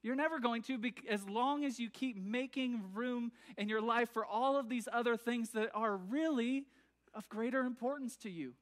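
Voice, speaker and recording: High-voiced man preaching a casual sermon. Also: moderate pace. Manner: conversational, frequent fillers and restarts, asks the congregation to follow along. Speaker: pastor. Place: church sanctuary.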